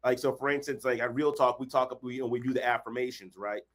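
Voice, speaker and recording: A man hosting a motivational workshop over a video call, acting out quotes and bursting into shouts. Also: medium pitch, steady tone, quick pace. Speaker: workshop host, counselor.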